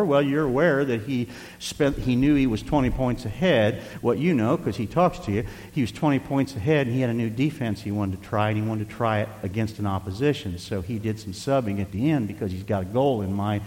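An older man preaching a folksy sermon as pastor, rising to loud emphasis and dropping to quiet asides. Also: on the low side, fairly quick, long reverb tail. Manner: folksy, varies loudness for emphasis, occasional chuckles.

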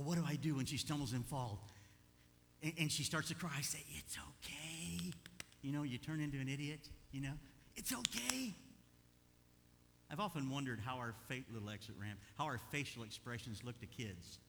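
An older man preaching a sermon as pastor, animated, moving between quiet asides and loud urging. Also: mid-range voice, brisk, big-room sound, slight background noise.

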